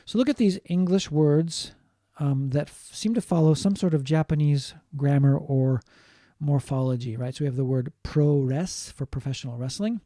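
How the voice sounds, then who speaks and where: A man giving a linguistics lecture, explaining slowly, repeating key points and adding short Japanese glosses. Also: a little high, dark tone, no room sound, clean studio sound. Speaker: linguistics teacher. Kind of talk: online lecture.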